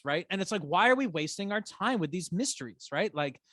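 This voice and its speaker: A man's voice: high voice, fairly quick, few pauses, no echo. A man co-hosting a casual rewatch podcast, ranting with energy and swearing often. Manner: animated ranting, swears a lot. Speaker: podcast co-host.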